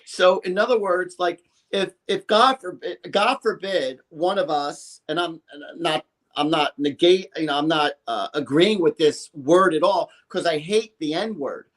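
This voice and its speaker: A man's voice: a little high, a little slow, fairly bright tone. A man in his fifties, a psychic guest on a talk show, talking in an emphatic, rambling way and acting out quotes. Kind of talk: animated talk show chat.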